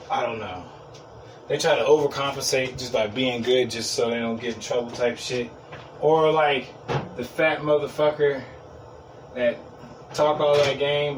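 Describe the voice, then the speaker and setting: A man hosting a podcast, telling rambling stories in a blunt, profane, casual way. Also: medium pitch. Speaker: podcast host. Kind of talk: casual solo podcast rant. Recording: distant mic with clear background noise.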